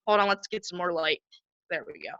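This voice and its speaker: A man telling an excited story as an interviewed concert fan, repeating words and acting out what he said. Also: sits high, brisk, clean tone, dry recording, muffled recording. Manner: breathless, repeats words, acts out his own quotes.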